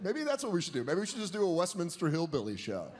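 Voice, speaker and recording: Animated, profane male stand-up comic. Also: sits high, fast. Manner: animated, profane, jumps into exaggerated quoted voices. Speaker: stand-up comedian. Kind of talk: stand-up routine. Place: stage before a live audience. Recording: live show with audience noise.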